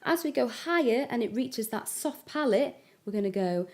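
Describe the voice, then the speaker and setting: A woman's voice: on the high side, lively intonation, moderate pace, darkish tone. Woman singing teacher explaining vowels. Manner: clear step-by-step explanation. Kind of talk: vocal lesson with sung examples.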